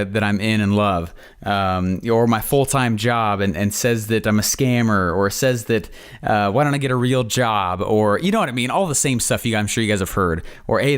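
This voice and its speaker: A man's voice: mid-range voice, clean tone. A man hosting a podcast, telling stories in a rambling, opinionated, casual way. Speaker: podcast host.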